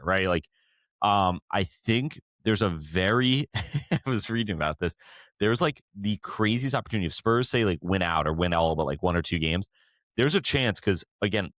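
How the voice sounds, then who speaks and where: A man's voice: sits low, fairly bright tone, dry recording, studio quality. A man co-hosting a podcast, chatting casually about football in a rambling way with lots of fillers and restarts. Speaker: podcast co-host.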